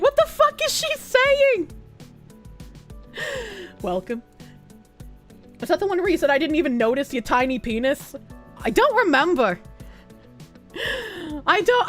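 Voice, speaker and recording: Giggly, high-voiced woman streamer, very lively, reading chat aloud, slightly rough throat. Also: unhurried, pauses often, soft background music. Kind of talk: casual live-stream chat.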